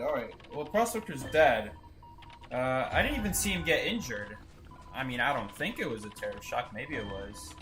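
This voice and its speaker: Lively, bright-voiced young male streamer. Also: medium pitch, moderate pace, faint music behind. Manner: chatty and joking, reads chat aloud. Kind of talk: casual gaming stream commentary.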